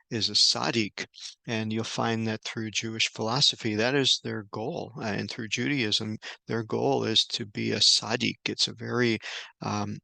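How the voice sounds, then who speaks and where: A man giving an unscripted Bible study lesson indoors, halting often with fillers and restarts. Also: lowish voice, creaky, sharp tone, no echo. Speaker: Bible teacher.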